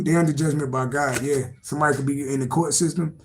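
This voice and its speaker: A man's voice: fairly high pitch, fast talker, hardly any pauses, darkish tone, slight background noise, rough recording. A man doing a casual live-stream tarot reading, rambling and repetitive, swearing freely and laughing to himself. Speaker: tarot reader.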